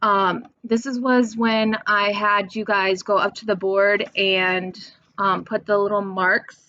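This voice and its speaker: A woman's voice: mid-range voice, fairly bright tone, no room sound. A young adult woman teacher giving a recorded lesson, patiently reading verse aloud and counting out its stressed syllables. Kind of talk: recorded remote lesson for students. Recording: dull lo-fi home recording.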